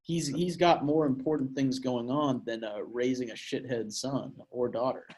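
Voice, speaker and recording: A man's voice: medium pitch, fairly even intonation, normal speed, a little mellow, slight background noise. A young man from Portland, Oregon, co-hosting a podcast and telling a crude story in a rambling way, with lots of fillers. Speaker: podcast co-host. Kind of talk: casual storytelling chat.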